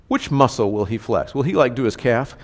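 A man's voice: medium pitch, lively intonation, a little fast. A man preaching a sermon in a conversational way, often asking his listeners rhetorical questions. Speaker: pastor. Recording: reverberant hall.

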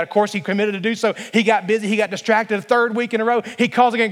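A man's voice: high voice, little pitch movement, quick pace, hardly any pauses, long reverb tail. A male pastor preaching a sermon emphatically, building to passionate peaks.

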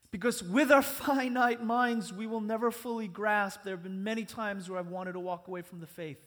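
A man's voice: sits high, fairly even intonation, normal speed, hardly any pauses, fairly bright tone. A man preaching a sermon as pastor, earnest and conversational, speaking in a church sanctuary. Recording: long church reverb.

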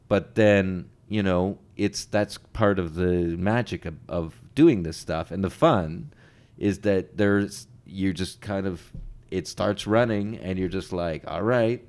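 Low-voiced dude co-hosting a podcast, laid back, keeps repeating himself. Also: male voice, a little slow. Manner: relaxed, loose, repeats phrases. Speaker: podcast co-host. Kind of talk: casual podcast chat.

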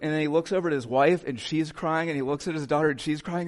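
Conversational man preaching a sermon. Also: a little high. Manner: conversational, with quick asides to the congregation. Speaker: pastor. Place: church sanctuary.

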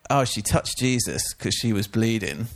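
A man's voice: on the low side, expressive, normal speed, vocal fry. A man giving a casual, chatty Bible teaching talk, full of informal asides. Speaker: church teacher.

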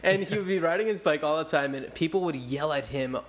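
A man's voice: on the high side, fairly quick. A man co-hosting a comedy podcast, trading dry, teasing banter with his guests. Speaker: podcast co-host. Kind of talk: casual comedic chat.

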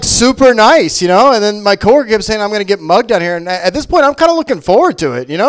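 A man's voice: high-pitched, expressive, fast, few pauses. A man from Memphis doing a self-deprecating, rambling stand-up set in a shop venue. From Memphis, Tennessee. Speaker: stand-up comic. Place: comic book shop venue.

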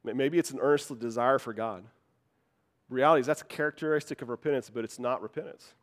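A man's voice: mid-range voice, fast talker. A man preaching a sermon in an earnest, conversational way, often restarting words. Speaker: pastor.

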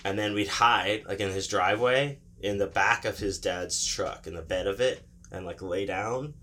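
Brief: young man, bright tone, lowish pitch, rambling profane storyteller who mimics the voices in his story. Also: moderate pace. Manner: loose, profane, acts out voices while telling. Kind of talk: casual storytelling chat.

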